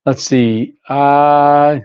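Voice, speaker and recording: An older man hosts a casual home livestream, telling rambling stories and reading viewers' comments aloud with frequent laughs. His voice sits a little high and the talk moves slowly. The sound is dry and a bit dull, like a lo-fi stream. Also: steady tone, darkish tone, clear, resonant tone, dry recording. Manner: rambling storyteller, reads chat aloud, laughs often. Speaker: livestream host.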